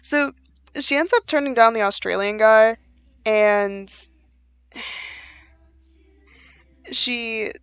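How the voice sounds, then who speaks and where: A woman's voice: fairly high pitch, very slow, pauses often, a bit bright, clear, resonant tone, no echo. A woman giving a casual book review, chatty and exasperated, with lots of "like" fillers.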